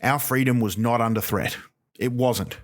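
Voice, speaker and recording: A comedian hosting a podcast, delivering a rambling, sweary, sarcastic rant. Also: male voice, mid-range voice, fairly even intonation, moderate pace. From Australia. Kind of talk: stand-up style rant.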